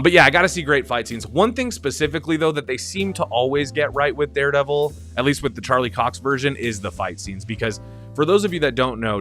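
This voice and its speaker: A man hosting a live stream, talking in a casual, animated way. He laughs often and repeats and restarts his words. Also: mid-range voice.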